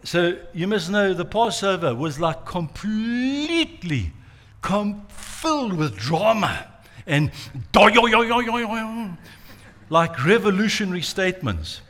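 Male preacher, mid-high voice, dramatic storyteller. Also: very animated, a little slow, a bit bright. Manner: dramatic storytelling, acts out quotes. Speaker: pastor. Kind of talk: sermon.

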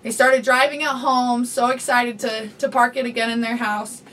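A woman's voice: fairly high pitch, little pitch movement, moderate pace, a bit bright, recorded from a distance, a little hiss or hum. A middle-aged woman chatting as a podcast guest, laughing often and telling a story with acted-out voices. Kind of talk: casual chat.

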